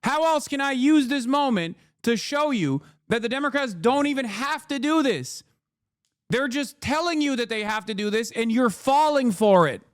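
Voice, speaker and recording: An American man in his thirties rants heatedly as a political streamer, swearing often and repeating his points. His voice sits high. The sound is dry and close. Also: animated, moderate pace, clean tone, dry recording. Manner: heated, profane, repetitive ranting. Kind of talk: ranting commentary.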